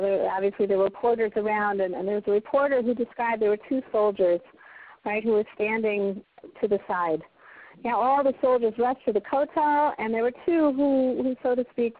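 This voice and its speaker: A woman's voice: mid-range voice, normal speed, dry recording. A woman giving a heartfelt Torah class over the phone, telling stories in an earnest, emphatic way. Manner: earnest, emphatic, storytelling with passionate rises. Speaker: Torah teacher. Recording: tinny phone line.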